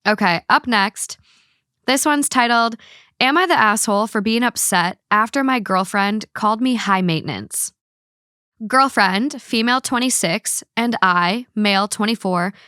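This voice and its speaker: A woman's voice: mid-range voice, a bit bright, clean tone, no echo, clean studio sound. A woman hosting a podcast, chatting casually, swearing freely and reading online posts aloud. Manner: swears freely, blunt opinions. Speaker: podcast host.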